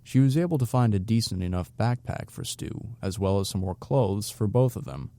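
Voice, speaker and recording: A man narrating an audiobook in a steady, even storytelling voice. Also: on the low side, normal speed.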